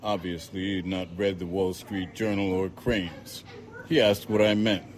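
A man reading a novel aloud in a measured, dry first-person narration. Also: deep voice, steady tone. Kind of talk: audiobook narration.

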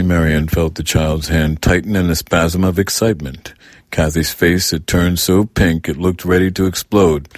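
A man narrating an audiobook in an even, measured reading. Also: sits low, no room sound, clean studio sound.

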